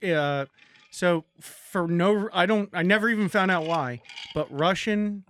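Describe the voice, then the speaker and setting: A man's voice: high-pitched, a bit bright, slight background noise. A young man from the Baltimore area in casual podcast chat, stumbling over and repeating his words as he talks. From Baltimore area, Maryland. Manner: halting, restarts and repeats words. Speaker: podcast co-host or guest.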